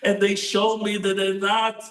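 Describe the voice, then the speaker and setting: Echoing distant high-voiced rabbi. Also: male voice, measured pace, faint music behind. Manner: animated storytelling with rhetorical questions. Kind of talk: Torah sermon. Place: synagogue hall. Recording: roomy echo, distant mic.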